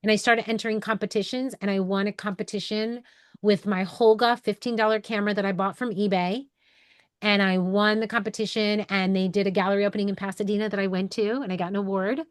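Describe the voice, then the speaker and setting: A woman's voice: mid-range voice, level tone, fast, dry recording. Brief: woman, 40s, from New York, candid rambling talker, dry close sound. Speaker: photographer and educator hosting a live call. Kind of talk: casual personal storytelling to an online group.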